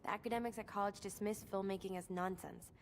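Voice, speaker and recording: An actress playing a lively young American filmmaker in a video game, talking in an upbeat, fond way. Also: female voice, mid-range voice, fast talker, slight background noise, lightly acted. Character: lively young female filmmaker, cheerful troublemaker. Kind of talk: game cutscene dialogue.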